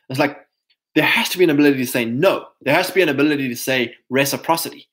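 A man's voice: medium pitch, quick pace, a bit bright. A man in his thirties hosting a casual livestream, talking emphatically and reading chat comments aloud. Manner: emphatic, mocking voices of others, reads chat comments aloud.

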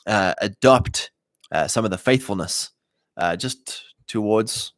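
A man's voice: fairly low pitch, takes it slowly, no echo, clean studio sound. A man preaching casually to a live chat, emphatic and slangy, often mimicking imagined voices. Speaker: Christian livestream host.

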